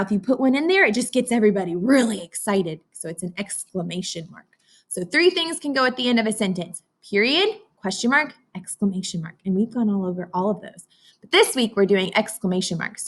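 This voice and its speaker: A woman's voice: medium pitch, very animated, quick pace. Sing-song woman teaching young kids. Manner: sing-song, encouraging, talks to kids as if they can answer. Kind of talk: read-aloud phonics lesson for young children.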